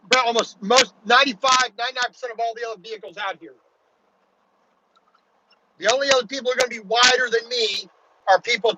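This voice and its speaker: A man from Baltimore, a truck driver, chatting casually while driving, rambling with many restarts and "you know"s. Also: extremely high pitch. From Baltimore, USA. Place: in a truck cab on the road. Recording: loud road and engine noise in a truck cab.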